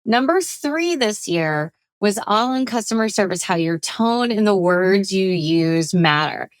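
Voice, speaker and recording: A woman hosting a podcast, introducing the episode and pitching courses in an upbeat sales manner. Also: lively intonation, a little slow, no echo. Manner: upbeat sales pitch, urging listeners to act. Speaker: podcast host. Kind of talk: promotional intro and outro.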